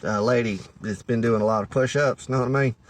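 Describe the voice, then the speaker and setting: A man's voice: mid-range voice, fast talker, close to an everyday voice. A man playing a folksy Southern good ol' boy with a Southern US accent, rambling through dating advice in a comedic monologue. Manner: rambling, folksy, full of "you know".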